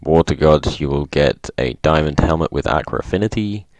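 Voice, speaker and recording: Low-voiced excitable gaming man. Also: brisk, no room sound. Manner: excitable, reads in-game signs aloud, laughs often. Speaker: gaming video host. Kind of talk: casual gameplay commentary.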